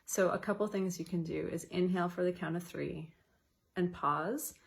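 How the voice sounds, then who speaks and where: A woman educator giving a casual wellness talk, chatty with light laughs, guiding slow counted breathing. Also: fairly low pitch, fairly even intonation, vocal fry.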